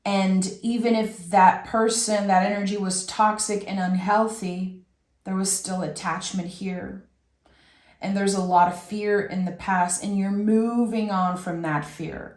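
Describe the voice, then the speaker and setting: A woman in the middle of a tarot reading, speaking softly and slowly, and letting her phrases stretch out with feeling. Her voice sits at an ordinary pitch. It carries a noticeable echo from the room around her. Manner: slow, soft and emotional, with drawn-out phrases. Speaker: tarot reader.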